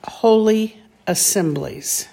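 A woman teaching a call-and-response recitation lesson, saying each word deliberately so listeners can repeat after her. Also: mid-range voice, creaky, warm tone, breathy edge. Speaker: Bible Hebrew teacher.

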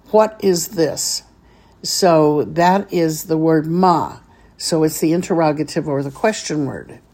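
A woman's voice: lowish voice, a little mellow. A woman teaching a beginners' Hebrew reading lesson, patiently sounding out each syllable step by step.

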